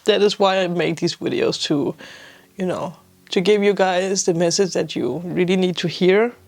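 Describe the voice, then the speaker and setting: A woman's voice: lowish voice, fairly even intonation, normal speed, creaky. Tearful woman giving a tarot reading. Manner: emotional, laughing through tears, gentle reassuring guidance. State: teary. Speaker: tarot reader. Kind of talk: spiritual tarot reading to camera.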